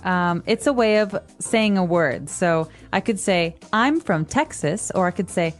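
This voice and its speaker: Lower-voiced woman co-host. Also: moderate pace, faint music behind. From United States. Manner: explains terms plainly, demonstrates sounds. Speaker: podcast co-host. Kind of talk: casual English-lesson chat.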